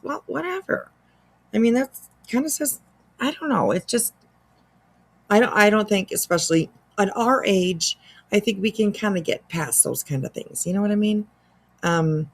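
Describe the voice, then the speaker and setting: A middle-aged woman talks through her commentary in a loose, rambling way, hedging every point and circling back with fillers. She keeps catching hiccups as she goes. Her voice sits at an ordinary pitch. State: has the hiccups. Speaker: commentary host. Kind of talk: casual commentary.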